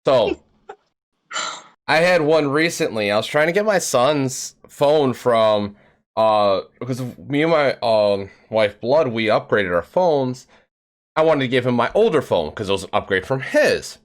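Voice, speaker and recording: A man hosting a casual interview, chatting in an animated way. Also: mid-range voice, measured pace. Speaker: host.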